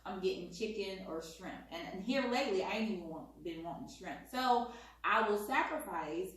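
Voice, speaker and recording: A soft-spoken woman, calmly asking questions in a casual chat with her partner. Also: mid-range voice, moderate pace. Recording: echoey room, distant mic.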